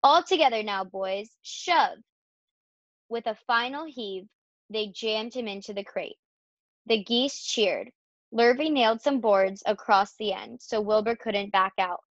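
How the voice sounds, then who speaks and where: Woman, storybook narration, middle pitch, dry close sound, muffled lo-fi. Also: measured pace, no echo. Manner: voices each character in turn. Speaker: storybook reader. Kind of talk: reading a children's novel aloud. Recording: dull lo-fi dry recording.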